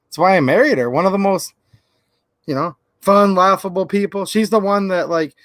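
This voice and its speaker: A man's voice: sits high, moderate pace, a bit bright, no echo. A man hosting a livestream, telling rambling stories and chatting with viewers. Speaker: channel host. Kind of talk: livestream commentary.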